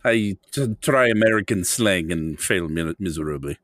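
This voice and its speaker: A man's voice: deep voice, expressive, normal speed, fairly bright tone, dry recording, clean studio sound, pitched below the performer's own voice. A man voicing an earnest Russian man with a thick Russian accent who speaks broken, stammering English. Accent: Russian put-on. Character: earnest Russian man, new group member.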